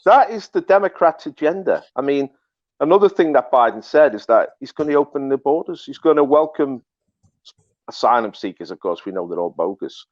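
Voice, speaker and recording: A man's voice: mid-range voice, expressive, fairly quick, dry recording. A man hosting political commentary, talking emphatically and repeating himself. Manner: emphatic, repetitive, restarts often. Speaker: host. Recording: dull dry lo-fi recording.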